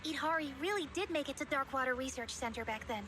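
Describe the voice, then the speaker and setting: A quiet, determined young woman. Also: sits high, lively intonation, fast talker. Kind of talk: game dialogue voice acting.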